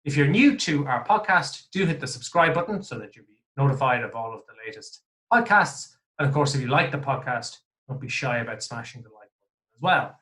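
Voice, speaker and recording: An Irish man hosts his podcast in a jovial, chatty way, poking fun at himself as he goes. His voice is bright and forward, pitched in the middle. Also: animated, fairly quick. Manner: jovial, chatty, self-deprecating. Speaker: podcast host. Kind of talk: casual podcast chat.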